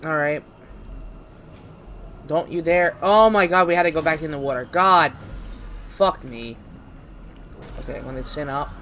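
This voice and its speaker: A man's voice: fairly high pitch, a little slow, long pauses, bright, forceful tone, slight background noise. A man streaming a horror game live, muttering to himself and breaking into panicky, swearing outbursts. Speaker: gaming streamer.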